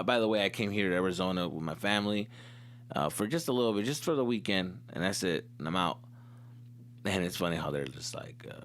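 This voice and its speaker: A young man hosts his own comedy podcast, rambling through a profane solo monologue peppered with Spanish slang. His voice is bright and sharp, and its pitch swings widely as he tells his stories.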